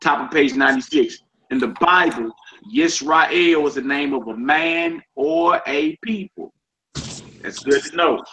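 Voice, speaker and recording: Man teaching a relaxed online class. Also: fairly high pitch, measured pace. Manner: relaxed, repeats each word aloud, slangy asides. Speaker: Hebrew teacher. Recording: slightly dull lo-fi with faint noise.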